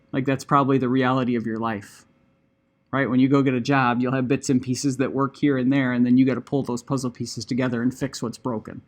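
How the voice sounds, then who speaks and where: A middle-aged man lecturing a class in an easygoing, conversational tone. His voice sits a little high for a man, and he keeps checking in with "right?" and "okay?" as he talks students through their work. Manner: casual, conversational, many "like" and "right?" asides. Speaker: instructor.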